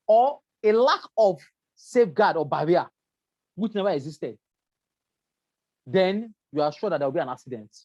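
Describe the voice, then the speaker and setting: A woman's voice: fairly low pitch, dark tone, no echo, highs cut off. A woman with a Nigerian English accent giving a workplace safety lecture, explaining step by step and checking in with her listeners. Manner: repetitive, explanatory, asks "right?" often. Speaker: safety trainer. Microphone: presentation with slides.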